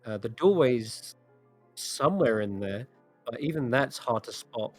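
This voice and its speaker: A man's voice: medium pitch, expressive, unhurried, soft background music. A man running a tabletop game as dungeon master, narrating scenes in a descriptive way with frequent restarts.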